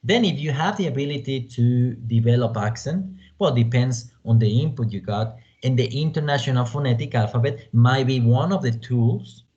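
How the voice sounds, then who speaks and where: A man from Mexico teaching an online language class, speaking deliberately and often dropping in "you know" as a filler. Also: mid-range voice, warm tone. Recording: dull lo-fi audio.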